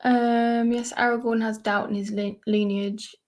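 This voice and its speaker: A woman's voice: fairly high pitch, level tone, a little slow, a little mellow. A woman co-hosting a casual live-stream chat, talking in a chatty, tentative way with frequent laughs. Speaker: co-host.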